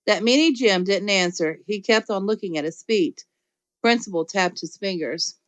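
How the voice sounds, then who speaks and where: A woman narrating a children's storybook in first person, lively and playful. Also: mid-range voice, normal speed, no echo. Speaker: audiobook reader.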